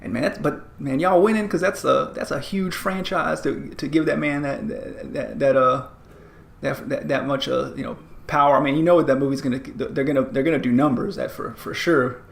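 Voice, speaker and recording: A man's voice: medium pitch, steady tone, normal speed, creaky, echoey room. A man co-hosting a podcast in casual chat, rambling with many restarts and fillers. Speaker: podcast co-host.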